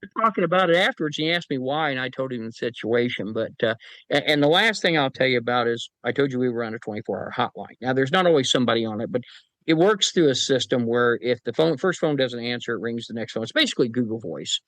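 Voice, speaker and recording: In a casual storytelling interview on a podcast, a man with a mid-range, slightly bright voice speaks quickly with lively intonation. He spins folksy tales about his paranormal team, imitating the people involved and chuckling along. The recording is rough, with no room sound.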